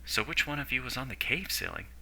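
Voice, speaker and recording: A man's voice: medium pitch, fast talker, pushed and bright, voice pushed up. A man voicing a defiant young man held captive who fires off questions. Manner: demanding, questioning.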